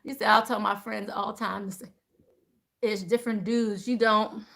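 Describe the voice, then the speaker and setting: A woman's voice: mid-range voice, normal speed, creaky. A woman hosting a casual livestream, telling a story with lots of laughter and answering viewer comments. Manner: animated, laughing, reads viewer comments aloud. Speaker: spiritual livestream host.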